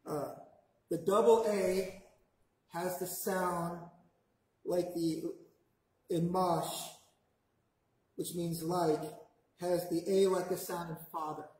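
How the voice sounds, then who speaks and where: A man teaching a language class, patiently modelling words slowly for the class to repeat back. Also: sits high, fairly even intonation, a little mellow. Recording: very echoey classroom.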